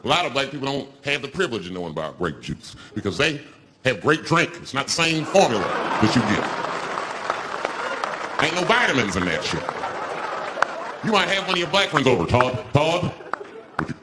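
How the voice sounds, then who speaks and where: A man doing a stand-up comedy routine on stage, telling stories in a loose, profane, animated way. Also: medium pitch, fairly quick, long pauses, over a noisy crowd. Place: stage before a live audience. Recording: noisy live stand-up recording.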